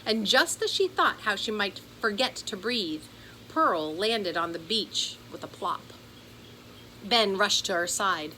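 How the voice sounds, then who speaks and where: A woman reading a children's chapter book aloud in an expressive storytelling voice. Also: mid-range voice, takes it slowly, slight background noise, low-quality recording. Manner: expressive, does character voices. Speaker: audiobook narrator.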